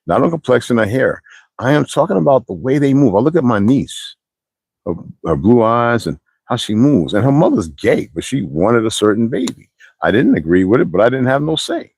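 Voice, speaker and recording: A man's voice: medium pitch, slightly rough, dry recording. A man talking on a livestream, preaching in a rambling, wandering way and reading out viewer comments. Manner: animated, preachy, digressive.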